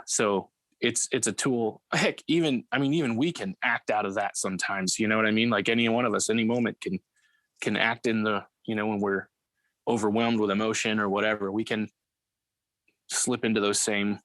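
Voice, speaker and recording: A man with a fairly low voice, hosting a relaxed interview. He speaks conversationally, often tossing in filler phrases, with a dry, close sound. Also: no echo. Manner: conversational, many "you know" fillers. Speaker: interview host. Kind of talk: casual interview chat.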